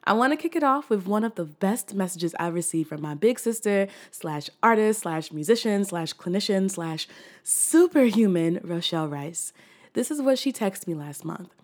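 A woman hosting her own podcast from the corner of her room, delivering an earnest, expressive monologue with casual slang and easy laughs. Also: medium pitch, moderate pace. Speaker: podcast host.

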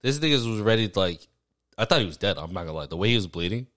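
A young man co-hosting a podcast, telling stories in casual chat and acting out quotes. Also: fairly low pitch. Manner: fast, animated storytelling with put-on quotes. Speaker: podcast co-host.

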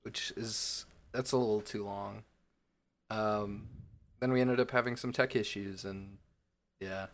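A man's voice: on the low side, steady tone, measured pace, slight background noise. Laid-back man co-hosting a podcast. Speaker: podcast co-host. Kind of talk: casual comedy podcast chat. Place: home setup, apart from co-host.

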